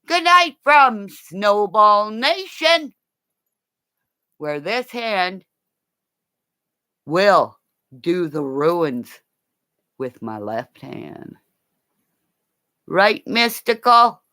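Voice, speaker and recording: A woman ranting in a rambling, profane livestream, swinging between low growling threats and high shouting. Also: very animated, drawn-out words, long pauses.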